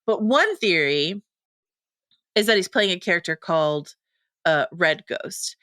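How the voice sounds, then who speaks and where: Bright-voiced playful woman co-host. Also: fairly low pitch, lively intonation, a little slow, no echo, clean studio sound. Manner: playful, wordy, many fillers and rambling asides. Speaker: podcast co-host. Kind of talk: casual pop-culture chat.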